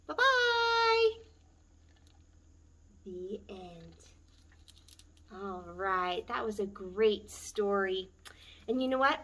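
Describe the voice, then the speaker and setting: A woman, a children's librarian, reading a picture book aloud at story time with a gentle, expressive manner. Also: on the high side.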